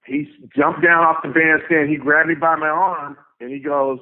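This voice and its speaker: A man's voice: fairly high pitch, moderate pace. Profane, emphatic man on a tinny phone line. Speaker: guest, tour manager. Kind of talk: casual storytelling interview.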